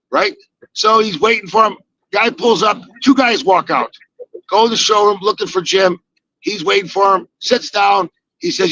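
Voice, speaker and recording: Animated storytelling man, bright high voice. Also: normal speed, gravelly, dull audio. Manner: animated, acts out quoted dialogue, swears casually. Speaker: podcast guest telling stories. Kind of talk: casual storytelling chat.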